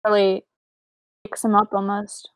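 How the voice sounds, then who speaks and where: A woman's voice: mid-range voice, monotone, a little slow, clear, resonant tone, dry recording. A woman co-hosting a podcast, chatting casually and gushing about the characters. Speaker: podcast co-host. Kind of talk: casual chat.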